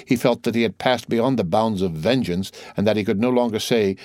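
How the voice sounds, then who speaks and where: A man narrates a classic novel in a measured, dramatic way. His voice is on the low side. The recording is dry and close, with no room sound. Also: a little mellow, no room sound. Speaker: audiobook narrator.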